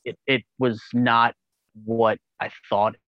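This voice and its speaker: A man in a casual podcast chat who rambles eagerly and swears freely. His voice sits at an ordinary middle pitch. The sound is dry and close but a little dull and lo-fi. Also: level tone, slow, dry recording. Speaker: podcast guest.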